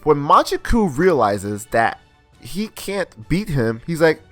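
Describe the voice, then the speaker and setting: A man's voice: on the high side, big pitch swings, slow pace, no room sound, faint music behind. A young man recapping and reviewing an anime episode in a casual, rambling way, full of slang and restarts.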